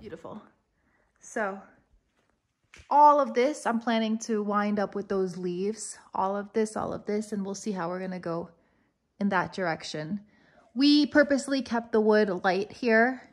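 An excited woman chats her way through a farmhouse renovation tour. She talks quickly and casually, in an everyday mid-pitched voice. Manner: excited, fast-talking, chatty. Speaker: vlogger showing a renovated farmhouse. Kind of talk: casual walk-through vlog.

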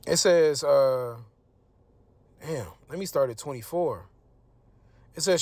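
A man reading scripture verses slowly, then explaining them in loose, casual street slang. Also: fairly high pitch, a little mellow. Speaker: religious teacher. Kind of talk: informal scripture teaching.

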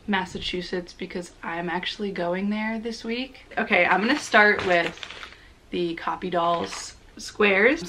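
Slow-talking excitable young woman vlogger. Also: medium pitch, slight background noise. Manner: gushing, excitable, gasps and giggles. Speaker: crochet vlogger. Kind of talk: casual unboxing chat.

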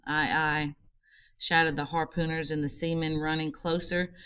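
A woman's voice: low-pitched, little pitch movement, normal speed, a bit bright, clean tone. A woman narrating a novel aloud in an amateur audiobook, reading carefully with occasional slips. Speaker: reader.

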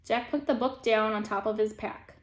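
A teacher with a gentle, calm manner reading a children's storybook aloud. The woman's voice sits a little high, and she paces the story steadily for young listeners. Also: moderate pace, a little hiss or hum.

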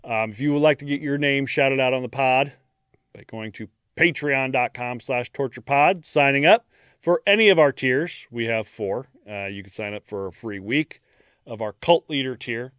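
A man with a Midwestern American accent co-hosting a podcast, joking and laughing as he reads shout-outs. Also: moderate pace, clean tone, dry recording, studio quality. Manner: jokey, laughs a lot, swings pitch widely. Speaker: podcast co-host. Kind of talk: casual podcast chat with plugs.

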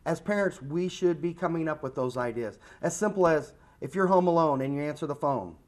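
A man in his forties with an American accent speaks to a room of parents at a community coffee meeting. His voice sits high for a man, and he keeps it animated by slipping into quick impressions of children and his own daughter. The delivery is chatty and earnest. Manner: animated, acts out kids' lines. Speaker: school safety presenter.

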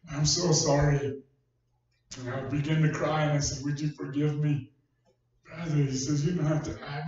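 A man preaching a sermon, telling a personal story in a folksy, conversational way. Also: on the high side. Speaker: pastor. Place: church hall. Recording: distant echoey church recording, dull sound.

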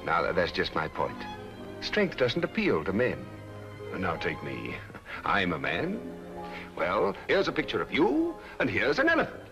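A playful cement boss. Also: male voice, deep voice, huge pitch swings, a little slow, over music, full character voice. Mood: flirting. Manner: playful, teasing, breezy. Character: cheerful, flirtatious male business executive. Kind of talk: 1940s film acting.

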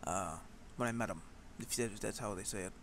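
A man's voice: on the low side, brisk, a little hiss or hum. A man hosting a game play-through, chatting in a rambling way with many fillers. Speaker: gaming channel host. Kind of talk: let's play commentary.

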